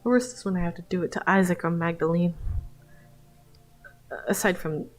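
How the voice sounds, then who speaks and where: Woman voicing a soft-spoken ghostly healer. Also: fairly low pitch, normal speed, lightly acted, low-quality recording. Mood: calm. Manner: soft, formal, reassuring. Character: calm gentle ghostly healer spirit. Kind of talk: comic read-along voice acting. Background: faint background music.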